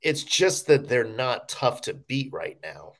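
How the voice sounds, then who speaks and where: A man co-hosts a casual sports podcast and talks through the games with a lively, joking manner. His pitch swings widely as he talks. He leans on fillers like "you know" while he works out his points. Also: slow pace, creaky. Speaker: podcast co-host.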